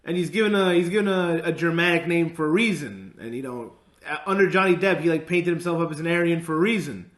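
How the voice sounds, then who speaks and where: A man's voice: fairly high pitch, quick pace, fairly bright tone. A man co-hosting a podcast in casual chat, blunt and sarcastic, joking as he talks. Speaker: podcast co-host. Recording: roomy echo.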